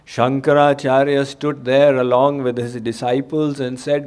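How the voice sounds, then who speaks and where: Slow, measured male spiritual teacher. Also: medium pitch, fairly even intonation, darkish tone. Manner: slow, measured storytelling with dramatic quoted voices. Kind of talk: sermon storytelling.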